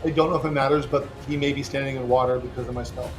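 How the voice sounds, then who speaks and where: A man's voice: medium pitch, steady tone, very fast, music in the background, poor audio. A man playing in a tabletop game who talks eagerly and repeats his words as he asks what his character can do. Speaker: player. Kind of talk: casual tabletop game play.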